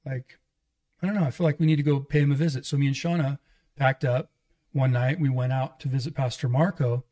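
A man's voice: mid-range voice, fairly even intonation, a little fast, mellow. A man, a pastor guest on a podcast, telling a candid personal testimony in rambling casual talk and acting out the dialogue. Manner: rambling storytelling with restarts, acting out quoted dialogue.

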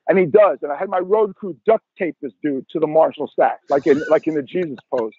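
A man in his sixties, a guest musician telling profane, animated stories in a podcast interview over a tinny phone line. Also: on the high side, brisk, breathy edge, no room sound.

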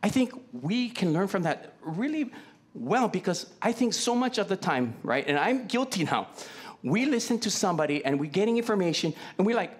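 Man preaching with lively pitch. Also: moderate pace. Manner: conversational, asks the congregation many questions. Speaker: pastor. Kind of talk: sermon. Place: church.

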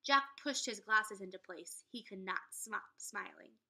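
A young adult woman, a teacher, reading a chapter book aloud to second graders in an expressive way. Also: medium pitch, measured pace, gravelly. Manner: expressive, speaking to children. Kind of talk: storybook read-aloud.

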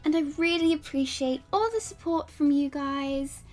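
A woman's voice: sits high, moderate pace, a little mellow, faint music behind, natural voice. A woman putting on a playful mock British accent. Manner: exaggerated, giggly formal greeting.

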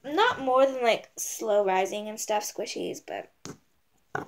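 A woman's voice: mid-range voice, a little slow. A young woman rambling casually in a giveaway vlog, bubbly and full of "like". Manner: rambling and bubbly, many likes. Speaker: vlogger. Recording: noisy home recording.

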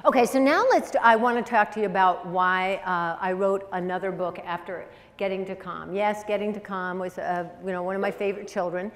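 A middle-aged woman giving a lively, chatty public lecture and drawing in her audience with questions. Her mid-range voice rings with the long reverb of a school auditorium. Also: medium pitch, fairly quick, hardly any pauses. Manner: lively, conversational, audience-engaging. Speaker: speaker, psychologist.

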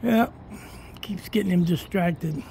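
Slow-talking pet owner coaxing a cat. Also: medium pitch, creaky, mellow, slight background noise. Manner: coaxing, sing-song pet talk. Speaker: cat owner filming a walk. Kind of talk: casual talk to a pet. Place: outdoors in cold weather.

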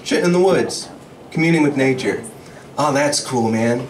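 A comedian voicing a laid-back bear with a relaxed drawl, recorded from afar over a crowd. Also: male voice, mid-range voice, normal speed, reverberant, slight background noise, close to an everyday voice. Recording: far mic with loud crowd.

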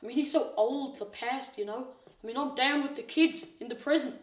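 A woman's voice: high-pitched, brisk, roomy sound, distant mic, lightly acted, poor audio. A woman playing a cocky New Zealand ghost. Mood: breezy. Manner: breezy, teasing, slangy. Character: cocky ghost of Christmas present, female. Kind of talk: comedy sketch acting.

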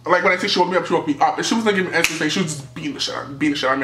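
A young man from New City, telling a storytime tale in a lively, animated way and acting out what people said. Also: fairly high pitch, racing, hardly any pauses, echoey room, noisy background. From New York City. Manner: animated storytelling, acting out quotes, jumps to yelps. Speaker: vlogger. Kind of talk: storytime vlog.

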